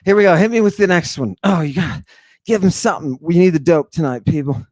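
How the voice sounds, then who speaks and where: A man giving an informal lecture on ancient texts in a theatrical way, swinging between hushed, dark asides and excited outbursts. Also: on the high side, fast talker, no room sound.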